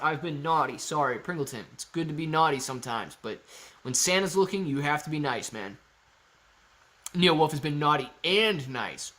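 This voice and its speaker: A man's voice: a little high, expressive, moderate pace, a bit bright. A man hosting a casual livestream, reading viewer comments aloud and answering them in a playful, joking way. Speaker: livestream host.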